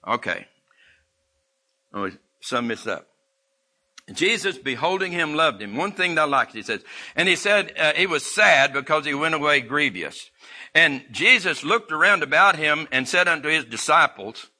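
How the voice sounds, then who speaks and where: A man preaching in a folksy, homespun way, stumbling through restarts and chuckling now and then. His voice is bright and sharp and swoops up and down with feeling, sitting a little high for a man. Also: very animated, moderate pace. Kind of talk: sermon.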